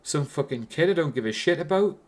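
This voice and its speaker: A man's voice: fairly high pitch, lively intonation, a little fast, a little mellow. A man with a Geordie accent giving a casual, rambling film review, swearing constantly and restarting his sentences.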